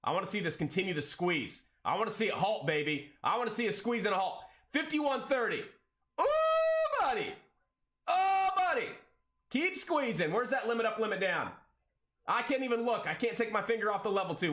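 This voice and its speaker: A man hosting a live day-trading stream, calling out prices and cracking jokes in an excitable, hyped way. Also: high-pitched. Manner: excitable, hyped, jokey, calls out prices rapidly. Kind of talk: live trading commentary and banter.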